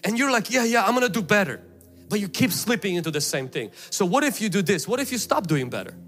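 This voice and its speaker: A man preaching a sermon, animated and acting out prayers in quoted voices, sweating and a little out of breath. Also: high voice, fast. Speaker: pastor. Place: church.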